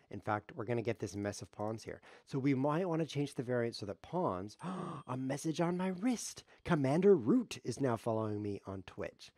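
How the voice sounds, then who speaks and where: A man's voice: on the low side, darkish tone, dry recording, clean studio sound. A man giving rambling, jokey live commentary on his own chess game, thinking aloud as he streams.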